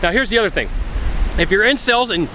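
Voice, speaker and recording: A man's voice: high-pitched, lively intonation, quick pace, sharp tone, a little hiss or hum. A man giving blunt sales advice in a casual vlog, acting out phone calls as he talks. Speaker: sales coach. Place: outdoors by a bay.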